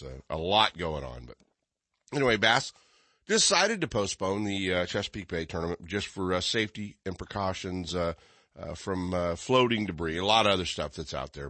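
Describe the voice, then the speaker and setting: A man's voice: deep voice, animated, normal speed, bright, forceful tone, no room sound. A man hosting a fishing radio show, chatting casually and rambling with many fillers and restarts.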